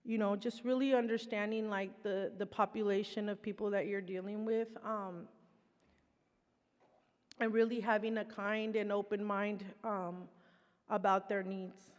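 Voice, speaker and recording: A woman of middle pitch speaks on a panel about her own recovery. Her talk is heartfelt, loose and unscripted, full of fillers. Her voice carries a long reverb like a large hall. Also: little pitch movement, unhurried, highs cut off. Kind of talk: conversational presentation.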